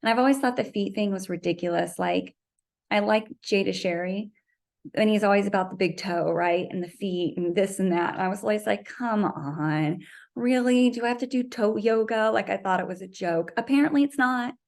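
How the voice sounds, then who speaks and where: A woman chats casually in a vlog about her running, telling stories and acting out conversations by raising her pitch. Her voice is gravelly and darkish, and she speaks fairly quickly.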